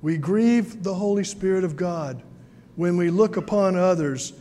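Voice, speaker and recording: Preacher man, high pitched, telling folksy stories, big echoey church. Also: unhurried, mellow, slight background noise. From South Carolina. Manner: folksy storytelling with many fillers. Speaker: pastor. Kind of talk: sermon.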